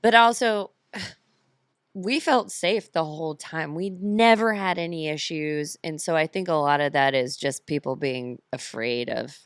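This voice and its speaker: A woman from the United States, a podcast guest who tells travel stories in a lively way and laughs often. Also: sits low, measured pace, clear, resonant tone, dry recording, clean studio sound. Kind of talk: casual chat.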